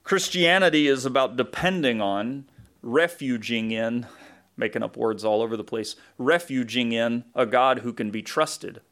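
A man's voice: mid-range voice, moderate pace, a bit bright. A man with a Southern US accent, a pastor preaching a conversational sermon, thinking aloud with asides and self-corrections.

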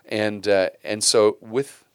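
Low-voiced male pastor preaching. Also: flat delivery, slow pace, smooth, dry recording, clean studio sound. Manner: conversational preaching with rhetorical questions. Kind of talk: sermon.

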